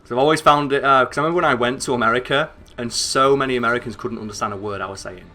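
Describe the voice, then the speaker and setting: A young man with a northern English accent, chatting excitably and swearing as he streams a game, rambling with lots of fillers. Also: mid-range voice, very fast. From northern England. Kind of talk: casual gameplay commentary.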